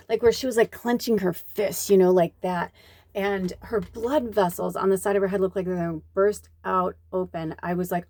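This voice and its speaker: Woman, spiritual medium, casual storytelling, rambling, mellow tone, dry close sound. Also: mid-range voice, normal speed, no echo. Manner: chatty, rambling, quotes people in lively voices. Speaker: spiritual medium and card reader.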